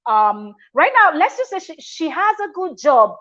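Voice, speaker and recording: A woman hosts a reaction channel in a high, very animated, somewhat bright voice at normal speed, with the highs cut off. Her casual reaction commentary is chatty and emphatic, full of restarts.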